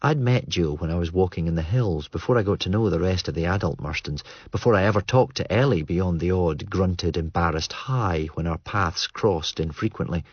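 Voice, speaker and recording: A man reading a novel aloud in measured, understated narration. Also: low voice, darkish tone, breathy edge, dry recording, dull audio. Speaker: audiobook narrator. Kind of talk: scripted narration.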